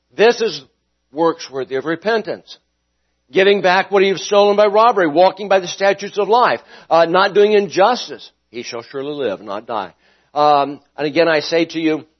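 A man preaching a sermon, swinging between loud emphatic lines and quiet ones, and asking his listeners questions. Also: sits high. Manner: dynamic preaching with sharp rises and drops in volume; asks the congregation questions. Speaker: pastor. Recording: dull lo-fi sound.

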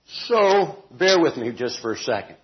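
A man teaching a Bible study group in an informal, deliberate way, stressing words and adding homely asides and self-corrections. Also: a little high, very animated, lo-fi sound, slight background noise.

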